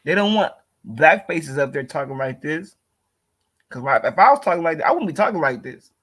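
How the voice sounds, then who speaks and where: Dude ranting over a vid, cursing a lot, high-pitched, keeps repeating himself. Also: male voice, very animated, moderate pace, a bit bright, slightly rough. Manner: heated, profane, slangy, repeats himself. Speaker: commentator reacting to a video. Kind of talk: profane casual commentary.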